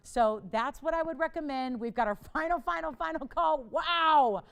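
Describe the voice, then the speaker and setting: This TV shopping host runs a live jewelry auction from the studio, talking rather quickly in a creaky voice. She stays playful and chatty, laughing a lot as she spurs bidders to act.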